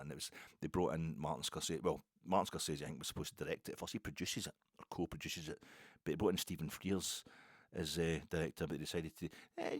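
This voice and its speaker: Middle-aged Scottish male podcast host, low voice, excitable rambling monologue, dry booth sound. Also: dry recording. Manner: rambling, animated, self-interrupting. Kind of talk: casual solo podcast monologue.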